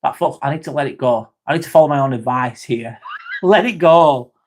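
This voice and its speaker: A man's voice: medium pitch, fast, darkish tone, slight background noise. A young man hosting a casual live stream, chatting to viewers, swearing now and then and calling people mate. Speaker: livestream host reading chat.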